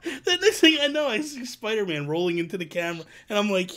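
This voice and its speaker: A man hosting a relaxed live chat, spinning gaming stories with quick acted-out quotes. His voice sits a little high and swings widely in pitch. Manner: animated storyteller, acts out quotes. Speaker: host. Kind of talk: casual chat.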